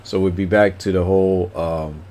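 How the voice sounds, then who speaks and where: A man's voice: low voice, fairly even intonation, normal speed, darkish tone. A man chatting casually on a livestream, greeting viewers by name and rambling with lots of fillers.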